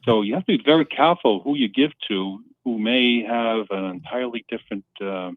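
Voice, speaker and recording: A man calling in to a talk radio show, speaking earnestly and haltingly with many pauses. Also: medium pitch, dry recording. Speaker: caller. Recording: tinny phone line.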